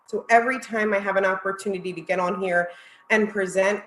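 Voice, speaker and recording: A woman's voice: mid-range voice, reverberant, slight background noise, low-quality recording. Emotional woman presenting on a video call. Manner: heartfelt, on the verge of tears. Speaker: marketing executive presenter. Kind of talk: emotional virtual conference presentation.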